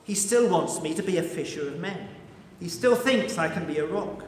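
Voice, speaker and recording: A man's voice: high-pitched, expressive, moderate pace, a little hiss or hum. A man preaching in a church, acting out Peter the fisherman, frightened and ashamed, blurting denials. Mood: hesitant. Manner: panicked denials, rising to shouts. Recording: echoey church with long reverb.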